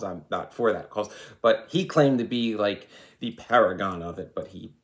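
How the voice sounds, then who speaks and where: An American man in his thirties hosting an occult channel, giving a rambling, opinionated spiritual monologue full of "you know.". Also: low voice.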